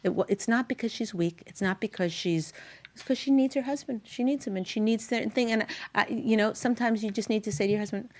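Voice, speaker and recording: A woman hosting a talk show and giving marriage advice to a guest in an animated, chatty, emphatic way. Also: on the high side, quick pace.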